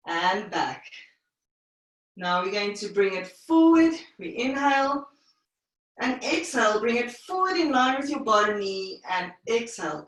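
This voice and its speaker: Breathy pilates teacher woman counting reps. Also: mid-range voice. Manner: counts reps and breath cues in short phrases. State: slightly out of breath. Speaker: pilates instructor. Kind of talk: live online fitness class cueing. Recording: very echoey room, voice far from mic.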